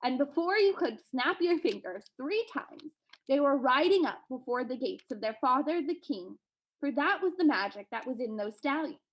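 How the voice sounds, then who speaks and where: A woman librarian reading a folktale aloud in an expressive storybook manner. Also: high-pitched, moderate pace, low-quality recording.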